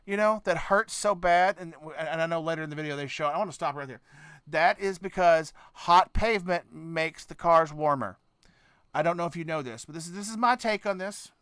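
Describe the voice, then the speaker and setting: A man with a high, sharp, bright voice rants through a reaction video, swearing freely. He drifts between low grumbles and sudden loud outbursts, often stopping mid-sentence to start over. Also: a little fast, clear, resonant tone, no echo. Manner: profane, ranting, swings between mutters and shouts; trailing off, restarting sentences. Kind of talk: casual reaction commentary.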